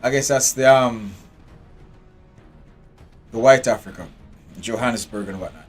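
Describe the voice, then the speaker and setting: A man's voice: mid-range voice, measured pace, faint music behind. A man giving live commentary while playing a strategy game, chatting and talking to his game characters. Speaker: game streamer.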